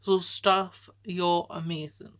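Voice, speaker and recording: A woman's voice: fairly low pitch, steady tone, slow pace, a bit bright, a little hiss or hum. A young woman reading aloud an old letter she wrote to herself, breaking off to comment and laughing often, in a casual reflective way.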